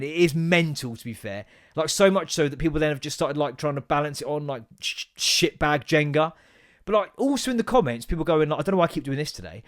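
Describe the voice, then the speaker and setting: A man in his thirties rants through a comedy podcast, his voice sitting a little high for a man. He swears freely and sounds exasperated, and now and then he bursts out loudly. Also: big pitch swings, a little fast, dry recording, studio quality. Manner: sweary and exasperated, with sudden loud outbursts. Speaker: podcast host. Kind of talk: comic ranting monologue.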